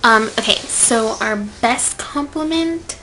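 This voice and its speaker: A young woman telling a personal story to camera in a casual vlog, swinging from loud outbursts to whispered asides. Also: a little high, slow, a little hiss or hum, poor audio. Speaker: vlogger.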